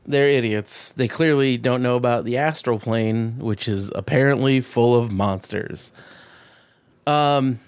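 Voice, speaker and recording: A man co-hosting a casual chat, recapping a film with swearing, jokes and quick acted-out voices. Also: mid-range voice, smooth. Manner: profane, jokey, acts out quick voices mid-recap. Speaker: podcast co-host.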